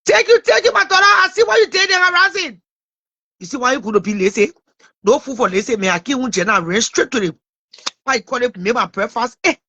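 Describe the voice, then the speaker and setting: A woman hosts a casual livestream in a very high, sharp, bright voice. She talks animatedly to her viewers, repeating herself and stumbling over names as she goes. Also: lively intonation, fairly quick, highs cut off. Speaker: livestream host.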